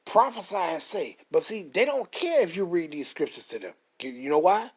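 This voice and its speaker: A husky, slightly high-pitched man reads scripture aloud and breaks off into heated, profane commentary. He slows right down and leans hard on the verses, then rushes back into combative asides. The voice has a breathy, roughened edge. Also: animated.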